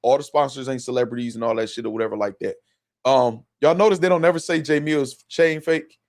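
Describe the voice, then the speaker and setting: Hosting a live stream, this man talks fairly quickly in a medium-pitched voice. He comments on clips in a relaxed, profane manner, saying the same things again, staying animated, and talking across the footage.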